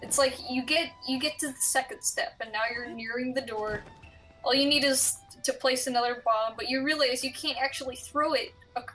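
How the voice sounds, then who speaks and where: A woman chatting casually on a gaming stream, telling stories in a lively way. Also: high voice, moderate pace, recorded from a distance, soft background music, poor audio. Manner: chatty, animated storytelling.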